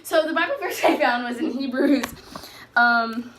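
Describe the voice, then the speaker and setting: A woman's voice: sits high, measured pace, noisy background. A teenage girl in casual personal talk about her faith, chatty and rambling, often correcting herself mid-sentence. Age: teens. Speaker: faith vlogger.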